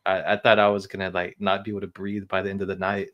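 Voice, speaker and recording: A man's voice: low-pitched, level tone, quick pace, lo-fi sound. A man co-hosting a podcast in casual chat, easygoing, laughing often and restarting his sentences. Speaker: podcast co-host.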